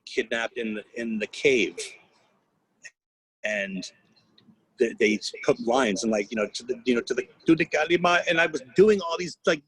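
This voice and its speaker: A man's voice: medium pitch, a bit bright, husky, no echo, low-quality recording. A man in his fifties, a guest voice actor, telling rambling stories on a video call, restarting often and laughing. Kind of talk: casual anecdotal interview.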